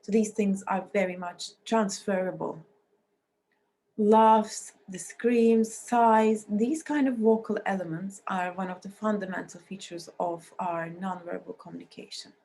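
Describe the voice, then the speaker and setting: Woman lecturer with a scratchy, mellow voice. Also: mid-range voice, steady tone, a little slow. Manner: explanatory, with frequent restarts and non-native phrasing. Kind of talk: recorded university lecture.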